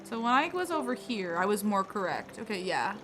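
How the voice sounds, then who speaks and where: A woman's voice: medium pitch, sing-song, a little fast, background noise. A woman streaming a game live, chatting with viewers in a playful, rambling, self-deprecating way. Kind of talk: casual live gameplay commentary. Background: game music.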